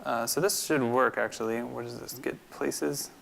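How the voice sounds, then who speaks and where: Male instructor, screencast coding tutorial, gravelly yet crisp tone, bright voice, talks through his steps. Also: mid-range voice, fairly even intonation, moderate pace, a little hiss or hum. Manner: thinks aloud, many fillers and restarts.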